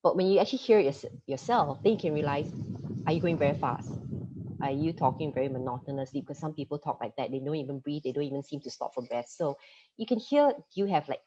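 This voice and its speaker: Fast-talking woman coaching online, husky voice. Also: low voice. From Singapore. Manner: fast-talking, lively, laughs easily. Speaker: media coach giving a masterclass. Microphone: computer mic on a video call. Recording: dull lo-fi video-call audio.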